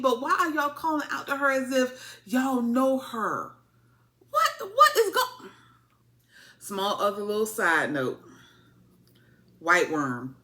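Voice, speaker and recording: Animated woman with lively bright voice. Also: a little high, takes it slowly, pauses often. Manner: animated, playful, acts out characters in quotes. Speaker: TV show reviewer. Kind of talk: casual recap commentary.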